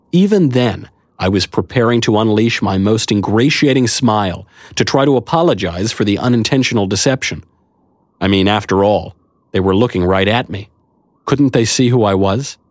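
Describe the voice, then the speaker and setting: A narrator with a voice on the low side reads a first-person audiobook story in a wry, conversational way. He's recorded on a close studio mic with no room sound.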